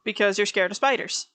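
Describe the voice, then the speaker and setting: A woman's voice: medium pitch, a bit bright. A woman hosting an art stream, chatting casually with a friend, laughing easily and joking loosely. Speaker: streamer host.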